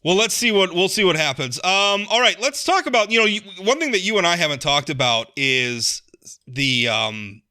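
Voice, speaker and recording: A man hosting a casual political podcast chat. He talks in an animated way, often restarting and repeating words. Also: high-pitched, moderate pace, smooth. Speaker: podcast host.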